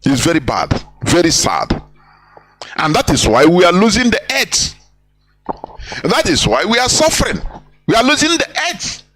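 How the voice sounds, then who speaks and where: A man's voice: high-pitched, big pitch swings, normal speed, long pauses, a bit bright, low-quality recording. A man hosting a radio program, talking in a preachy, rambling way and dropping into phrases. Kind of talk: impassioned radio talk.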